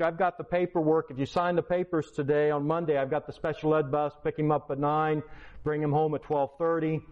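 A man's voice: a little high, lo-fi sound. A man in his sixties telling a personal story in a sermon, acting out the dialogue and building to emphatic preaching. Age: 60s. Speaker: Christian speaker, schoolteacher. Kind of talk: testimony sermon.

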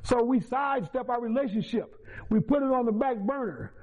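A man's voice: very high voice, a little fast, a little mellow. A man giving a personal church testimony, telling a story with feeling, repeating himself and restarting phrases. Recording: tinny phone-like sound.

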